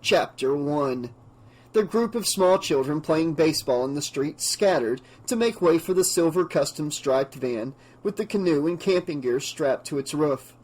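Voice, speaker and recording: A man's voice: fairly high pitch, expressive, moderate pace, a little mellow. Man reading a horror novel aloud. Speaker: audiobook narrator. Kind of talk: scripted narration.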